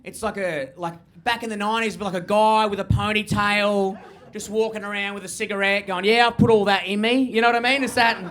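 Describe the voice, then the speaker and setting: High-energy stand-up comic, bright voice. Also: male voice, steady tone, brisk. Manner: high-energy, swearing, acts out characters in his stories. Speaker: stand-up comedian. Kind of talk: stand-up comedy set. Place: comedy stage before a live audience.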